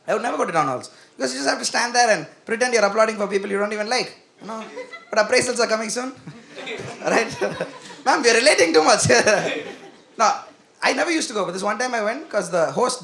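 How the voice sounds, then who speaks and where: A young man does a self-deprecating stand-up set on a comedy club stage, speaking animatedly into a handheld mic and acting out quoted voices. His voice is high-pitched and gravelly, and he talks a little fast.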